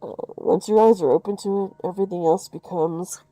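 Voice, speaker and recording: A woman voicing a grave, soft-spoken man from a game, with a muffled voice and slow, archaic phrasing. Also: on the low side, steady tone, no room sound, voice pushed down, natural voice. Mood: solemn. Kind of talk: reading game dialogue aloud.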